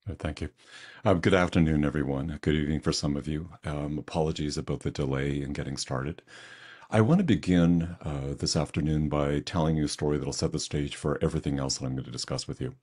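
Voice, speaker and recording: A man's voice: a bass voice, fairly quick, darkish tone, slightly rough. An older man from Canada, telling a self-deprecating story as a webinar presenter.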